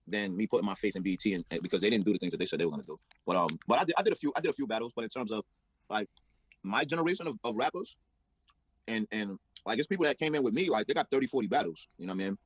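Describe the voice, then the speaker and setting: A man's voice: fairly low pitch, lively intonation, racing, husky, no echo, low-quality recording. A man being interviewed as a rapper, laid-back and casual, often repeating words.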